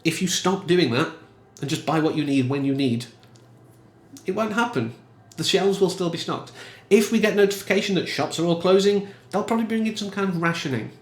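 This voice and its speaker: A man giving casual, emphatic film commentary in a chatty, animated way. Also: on the high side, moderate pace, reverberant. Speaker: film reviewer.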